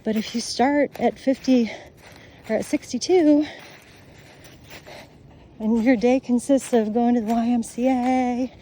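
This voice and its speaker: Middle-aged woman, blunt and foul-mouthed, ranting to her phone on a walk; dark mellow voice, slightly high, faint outdoor noise. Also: fairly even intonation, a little slow, pauses often. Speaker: vlogger. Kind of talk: casual monologue while walking outdoors.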